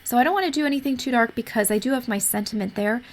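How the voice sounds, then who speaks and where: A woman narrating a coloring tutorial in an easygoing, explanatory way, a little hoarse as she is losing her voice. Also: on the high side, rapid-fire. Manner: easygoing, explanatory, with frequent fillers. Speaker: art tutorial host.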